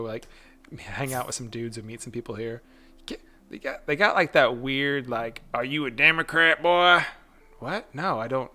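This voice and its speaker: A man's voice: mid-range voice, bright, forceful tone. A man hosting a casual livestream chat, rambling along and laughing often. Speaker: host.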